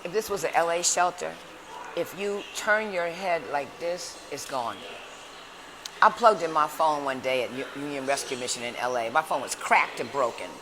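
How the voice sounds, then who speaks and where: A woman motivational speaker talking casually to her viewers in a lively, chatty storytelling way, recorded indoors at a shelter. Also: sits low, normal speed. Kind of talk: casual vlog talk. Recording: noisy background.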